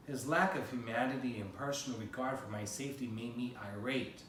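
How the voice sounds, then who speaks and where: Man, memoir reading, mid pitch, distant mic, very echoey room. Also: moderate pace, slight background noise. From United States. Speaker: memoir author reading aloud.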